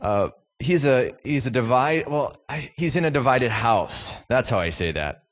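A man from Minnesota preaches as a guest speaker in a church, moving between wry, self-deprecating family stories and fervent appeals. He sounds like a man in his thirties or forties, speaking at a steady, middle pitch. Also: measured pace. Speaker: guest speaker from a youth ministry.

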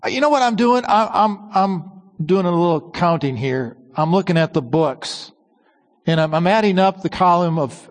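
A man acting out a weary, self-pitying male prophet who confesses his complaints in halting phrases full of restarts. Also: on the high side, lightly acted. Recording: long church reverb.

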